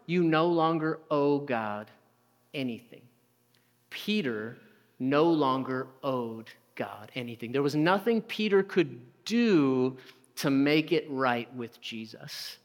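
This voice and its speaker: A man's voice: mid-range voice, lively intonation, takes it slowly, big-room sound. A man preaching a conversational sermon, asking rhetorical questions and acting out short quotes. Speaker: pastor.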